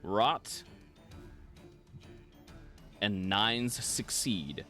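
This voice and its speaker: Male dungeon master, lively pitch, patient rules explainer, faint music behind. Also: very slow. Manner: rules-focused, explanatory, laughs easily. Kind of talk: running a live tabletop game.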